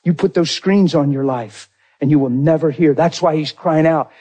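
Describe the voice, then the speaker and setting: A man preaching a sermon in a dramatic way, jumping from loud exclamations to hushed low lines. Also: moderate pace, breathy edge.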